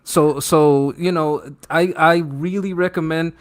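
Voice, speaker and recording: A man's voice: fairly high pitch, fairly even intonation, takes it slowly. A man on a livestream panel giving emphatic advice in casual talk.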